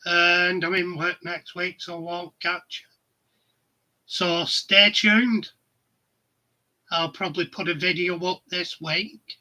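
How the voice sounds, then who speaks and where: A man's voice: high voice, flat delivery, slow pace, pauses often, bright, forceful tone. A middle-aged man, hosting a casual chat stream and telling anecdotes that he laughs at. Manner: chatty storyteller, laughs at his own anecdotes. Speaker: livestream host.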